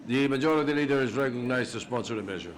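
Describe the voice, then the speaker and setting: A man presiding over a session, giving brief and measured procedural rulings. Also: medium pitch, slight background noise. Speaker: presiding officer.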